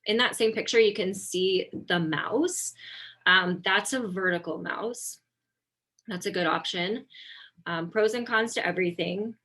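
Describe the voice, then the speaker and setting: Speaking at a measured pace in a medium pitch, a woman occupational therapist presents an informal webinar lesson with slides. She's relaxed and conversational, frequently using ums and correcting herself.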